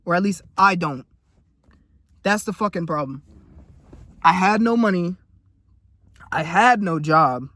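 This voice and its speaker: A young man vents in a casual, profane rant, blunt and worked up. His voice sits high for a man. The recording is dry and close, with no room sound. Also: pushed and bright, no echo. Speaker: vlogger. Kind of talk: casual venting monologue.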